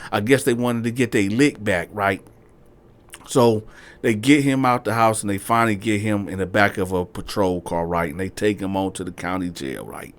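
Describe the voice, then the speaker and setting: A man's voice: on the low side, moderate pace. A man casually telling a story, addressing listeners directly and often checking in with "right?". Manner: conversational, addresses listeners as y'all, frequent "right?". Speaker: host.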